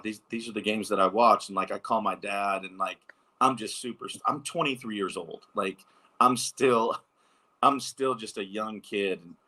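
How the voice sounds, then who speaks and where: A man in his thirties, a former ballplayer, telling lively anecdotes in a casual interview, with lots of filler words. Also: fairly low pitch. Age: 30s. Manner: animated anecdotes, many fillers. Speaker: former pro baseball pitcher, guest.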